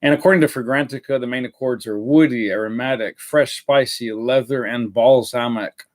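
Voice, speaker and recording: A man's voice: medium pitch, a little fast. Guy doing a live cologne review, chatty and rambly, lots of uh and restarts, normal mid voice. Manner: rambling, many fillers and self-corrections. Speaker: fragrance reviewer.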